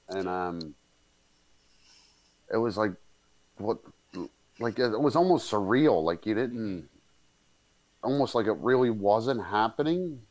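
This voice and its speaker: A man recounting a memory in casual conversation, rambling with many fillers and crude swearing. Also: on the low side. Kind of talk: casual storytelling.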